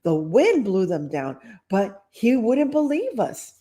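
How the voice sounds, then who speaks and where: A woman's voice: medium pitch, big pitch swings, slow pace, mellow, pitched above the performer's own voice. A woman voicing an earnest boy in a cowboy costume.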